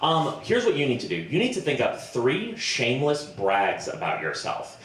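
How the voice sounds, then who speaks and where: A man's voice: mid-range voice, huge pitch swings, normal speed, fairly bright tone. Improv comic, male, chatty, self-deprecating, echoey venue, faint hum underneath. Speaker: improv performer. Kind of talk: improvised comedy sonnet on stage. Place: festival stage before a live audience.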